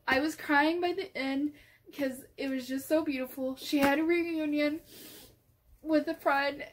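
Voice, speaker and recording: Woman, high voice, slow unhurried delivery, excitable gushing book chat. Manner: gushing, excitable, trails off into soft asides. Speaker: book vlogger. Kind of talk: casual chat.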